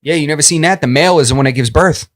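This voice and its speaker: A man's voice: on the high side, very fast, fairly bright tone, a little hiss or hum. A man co-hosting a podcast, laid-back and slangy in casual chat. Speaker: podcast co-host.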